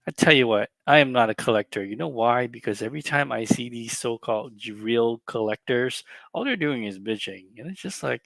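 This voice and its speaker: A man's voice: medium pitch, normal speed, vocal fry, a bit bright, no room sound. A man co-hosting a collectibles stream, ranting profanely and with exasperation in casual chat.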